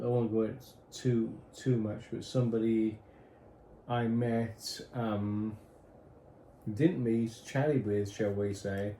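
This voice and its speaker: A man's voice: on the low side, warm tone. A British man chatting casually with his wife, hesitant and guarded, trailing off as he talks. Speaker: husband in a couple channel. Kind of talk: casual chat. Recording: echoey room, faint noise.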